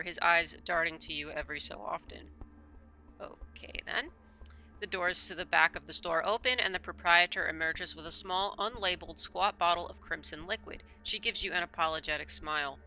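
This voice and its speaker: Bright-voiced woman streamer rambling. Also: lowish voice. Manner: rambling asides with stammered repeats. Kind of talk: reading a visual novel aloud with commentary.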